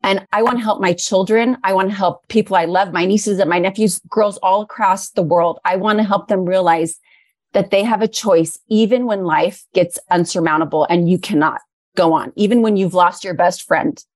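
Speaking at a moderate pace in a mid-range, slightly mellow voice, a middle-aged woman gives an interview with earnest feeling and the odd emotional moment. There's no echo.

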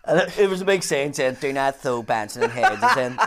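A man's voice: medium pitch, lively intonation, a little fast, a bit bright. A man with a Belfast accent telling sweary, laughing anecdotes in a casual podcast chat. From Northern Ireland.

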